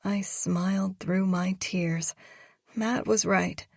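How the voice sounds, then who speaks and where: A woman narrating a romance audiobook in a slow, measured reading voice. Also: medium pitch, steady tone, creaky, darkish tone, dry recording, clean studio sound.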